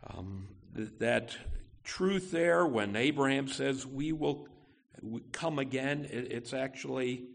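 A man preaching an expository sermon as pastor, slow and deliberate, pausing and correcting himself as he reads and explains scripture. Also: mid-range voice, creaky.

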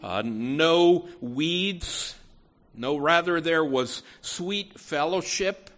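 Slow, earnest male preacher. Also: a little high, fairly bright tone. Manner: earnest, emphatic, with frequent restarts and "you know". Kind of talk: sermon.

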